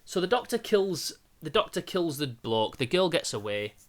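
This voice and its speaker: A man reviewing a film in casual podcast chat, animated and sweary, acting out scenes as he goes. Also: on the high side, moderate pace.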